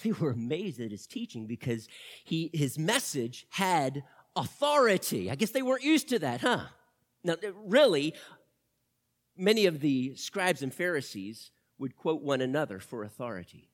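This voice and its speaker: A male pastor preaching a teaching sermon, swinging from loud emphasis to quiet asides and asking the audience questions. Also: a little high, sing-song, moderate pace, no room sound, clean studio sound. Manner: asks the audience direct questions.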